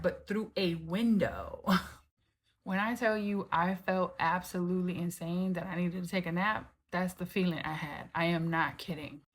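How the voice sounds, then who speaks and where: A woman telling a personal story to camera from her home, in an animated, casual way, full of "like" and "right?" and the odd swear word. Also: medium pitch.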